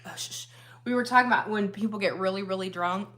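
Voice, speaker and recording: A woman on a casual livestream, chatting with her husband and reading viewer comments aloud, rambling and relaxed. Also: medium pitch, fast. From United States. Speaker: livestream co-host.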